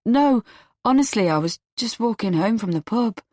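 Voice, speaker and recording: A man's voice: sits high, animated, moderate pace, darkish tone, no echo, clean studio sound, pitched above the performer's own voice. A woman voicing an earnest young man who sounds anxious and concerned.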